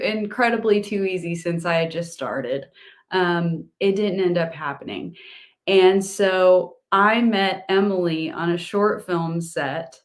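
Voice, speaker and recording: Actress guest, bubbly and rambly, talks slow and kinda low. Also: female voice. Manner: bubbly, rambling, laughs easily. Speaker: actress, award nominee. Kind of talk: casual interview.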